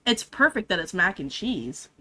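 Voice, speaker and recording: Bright, giggly woman streamer. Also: mid-range voice, normal speed. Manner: giggly, animated, swears casually. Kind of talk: casual chat while playing and reading a game aloud. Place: room at home, at a desk. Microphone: headphones with desk mic.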